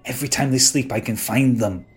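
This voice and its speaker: A man's voice: medium pitch, fairly quick, husky, soft background music, lightly acted. A man voicing a scheming male dream sorcerer in a tabletop game, smug and gloating.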